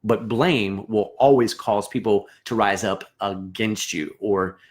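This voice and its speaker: A man teaching student band leaders in a lively, animated way, often acting out what students might say. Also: fairly low pitch, slow pace. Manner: animated, acts out quoted students with voices and laughs. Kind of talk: motivational talk to camera.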